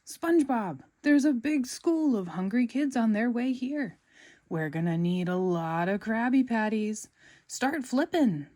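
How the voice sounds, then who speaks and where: Mr. Krabs, a woman doing a bossy shouting crab. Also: a little high, expressive, a little slow, voice pushed up. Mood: agitated. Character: loud money-minded crab boss, male. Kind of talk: storybook read-aloud.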